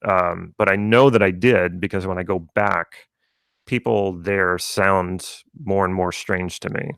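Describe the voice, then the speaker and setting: Low, gravelly-voiced man talking casually. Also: steady tone, a little slow, fairly bright tone, dry recording, clean studio sound. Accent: General American, from South Louisiana. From rural South Louisiana, USA. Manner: rambling, conversational, with many restarts. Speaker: NLP coach. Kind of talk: live stream talk.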